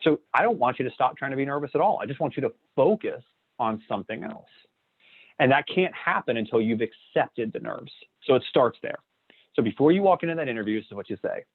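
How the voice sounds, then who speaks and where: A man leading a training session in an energetic coaching way, acting out sample lines. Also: mid-range voice, normal speed. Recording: dry, tinny phone-like line.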